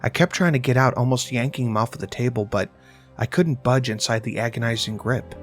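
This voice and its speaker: A man narrating a horror story in a steady, measured way. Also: medium pitch, faint music behind.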